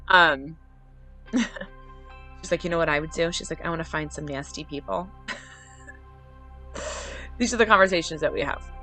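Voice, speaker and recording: A middle-aged woman hosting a podcast, telling personal family stories in an animated way, quoting others and laughing often. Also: lowish voice, no room sound. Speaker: podcast host. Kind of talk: personal storytelling.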